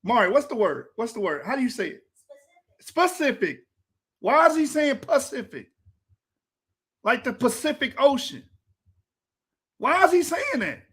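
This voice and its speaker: Man, exasperated ranting commentary, high lively voice. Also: normal speed, pauses often, slightly rough. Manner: exasperated, animated ranting with laughs and profanity. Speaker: debate reviewer. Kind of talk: reaction commentary over a played debate.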